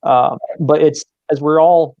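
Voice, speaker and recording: A man with a Southern American accent talks through his sports venue as an interview guest, in a steady, level voice with a gravelly edge. He pauses on fillers and repeats words as he explains. The sound is dry and a little dull. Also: fairly high pitch, no room sound. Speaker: sports center manager, guest.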